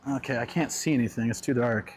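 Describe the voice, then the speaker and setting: A man's voice: mid-range voice, quick pace, background noise. A man chatting casually on a live stream, telling rambling stories and laughing often. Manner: laid-back, rambling storyteller, laughs often. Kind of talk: casual live-stream chat while out and about.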